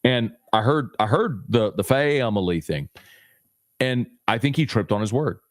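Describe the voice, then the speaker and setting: A man talks on a podcast as a guest, emphatic and teasing, his voice jumping high when he presses a point. His pitch sits mid-range. The line is dry, with no room sound around him. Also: lively intonation, dry recording. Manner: emphatic, teasing, rapid bursts. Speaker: sports radio host, guest. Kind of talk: animated podcast chat.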